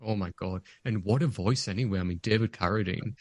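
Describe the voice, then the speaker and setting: A man's voice: on the low side, brisk, darkish tone, no echo. A man co-hosting a podcast, chatting casually and enthusiastically about a movie he loves. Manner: enthusiastic, gushing, acts out quotes. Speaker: podcast co-host. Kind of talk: casual movie review chat.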